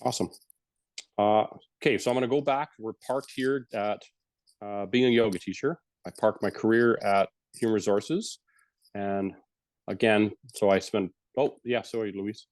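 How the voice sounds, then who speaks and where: A middle-aged man leads a calm breathing exercise, then tells his story frankly and casually, sometimes swearing. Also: lowish voice, normal speed, no echo. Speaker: retired police officer and yoga teacher, guest speaker. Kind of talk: guided breathing, then candid personal story.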